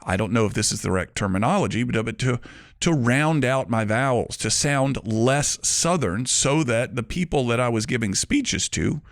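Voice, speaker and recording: Man from alabama, host, lively pitch, dry close sound, conversational. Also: moderate pace, no echo. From Mobile, Alabama. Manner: storytelling, animated questions. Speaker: podcast host. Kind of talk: conversational interview.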